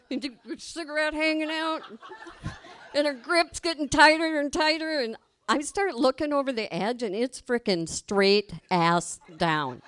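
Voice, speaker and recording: A woman's voice: high voice, fairly bright tone, no echo. Woman, middle-aged, live storyteller, casual and colloquial, laughs often, acts out quotes, dry sound. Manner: colloquial, laughs through her own story.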